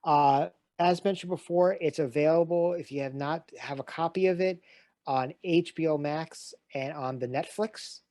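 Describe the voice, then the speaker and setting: A man's voice: a little high, normal speed, darkish tone, dry recording. A man hosting a casual online watch-along, introducing the guest and the film with many fillers. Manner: upbeat, filler-heavy introductions. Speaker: host. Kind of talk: casual show hosting on a video call.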